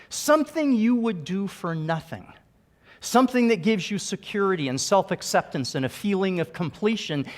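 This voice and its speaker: A middle-aged man speaking earnestly and emphatically as a conference speaker, giving a motivational keynote to a live audience. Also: a little high.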